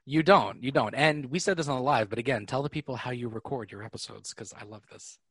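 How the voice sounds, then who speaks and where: A man hosting a podcast in casual chat, excitable and rambling, swearing freely. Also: medium pitch, quick pace, breathy edge, dry recording, studio quality. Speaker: podcast host.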